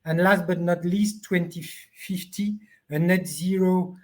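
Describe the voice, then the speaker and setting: A man speaking as a panelist on an online discussion, halting and searching for his words over a video call. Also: high voice, steady tone.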